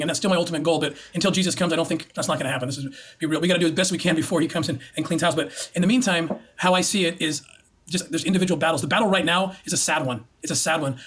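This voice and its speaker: Fast-talking husky man, earnest and emphatic. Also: on the high side, fairly bright tone. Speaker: guest. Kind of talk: interview conversation.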